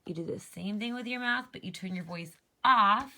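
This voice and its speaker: Speaking at medium pitch with a sharp tone, a woman teaches young children phonics slowly and clearly. She demonstrates every letter sound, then encourages them to say it along with her.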